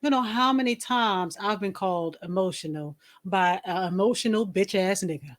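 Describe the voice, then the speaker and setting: A woman's voice: mid-range voice, moderate pace, hardly any pauses. Podcast co-host, woman, mid-range voice, blunt and emphatic. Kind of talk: casual chat.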